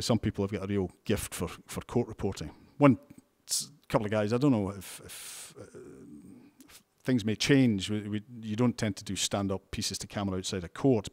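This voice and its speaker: Scottish newsman with a lowish voice. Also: a little mellow. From Scotland. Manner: chatty, frequent restarts and wry asides. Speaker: television news presenter and reporter. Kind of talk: relaxed interview answers.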